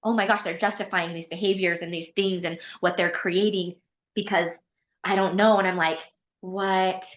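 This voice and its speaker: A woman in a coaching session, reflecting out loud on her feelings in a rambling, searching way. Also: on the low side, fairly even intonation, normal speed. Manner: reflective, rambling, thinks aloud with restarts. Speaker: coaching client.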